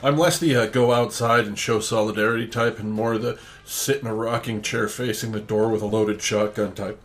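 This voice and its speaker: A man's voice: fairly low pitch, steady tone, moderate pace, soft background music. A man co-hosting a podcast, sardonic and profane in casual banter. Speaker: podcast co-host.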